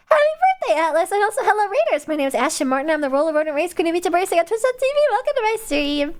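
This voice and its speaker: Chatty high-voiced woman streamer. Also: very animated, quick pace, hardly any pauses. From American Midwest. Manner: rambling and giggly, lots of fillers. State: coughing after choking on water. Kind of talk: casual livestream chat.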